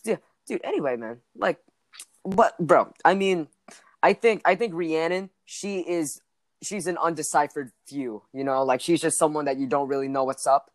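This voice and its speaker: A man's voice: fairly high pitch, normal speed, no echo, studio quality. Crude, rambling teenage boy. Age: teens. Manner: crude joking, rambling with many restarts. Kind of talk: casual chat.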